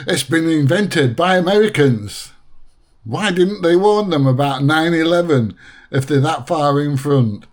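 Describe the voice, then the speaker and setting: Chatty reaction host. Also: male voice, fairly high pitch, expressive, slow pace, pauses often. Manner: laughing, chatty and blunt. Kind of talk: reaction commentary.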